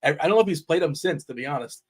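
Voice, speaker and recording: Man, fantasy sports host, rambling and animated, slightly high voice, casual livestream talk. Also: very fast, husky. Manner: animated, rambling, laughs often. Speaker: DFS show host.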